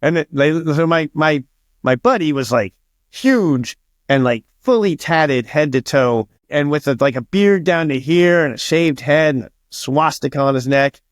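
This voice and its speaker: Unhurried and expressive, a man with a slightly high voice chats through stories as an interviewed author, cursing liberally and performing other people's lines. The audio is studio-clean without any echo.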